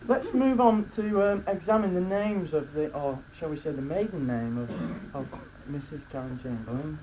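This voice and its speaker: At a wedding reception, the best man speaks in a fairly high voice at a moderate pace, joking, laughing between lines, and restarting sentences. The recording is rough, picking up loud crowd noise from the live room.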